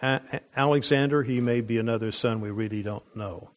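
A middle-aged man teaching a Bible study sermon, deliberate, with frequent pauses and restarts. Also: medium pitch.

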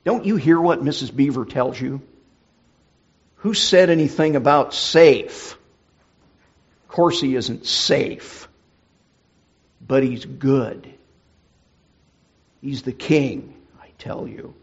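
A man's voice: takes it slowly, pauses often, husky, highs cut off. A man voicing a stern, proud male talking beaver in a storybook read-aloud. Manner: stern, booming storybook reading.

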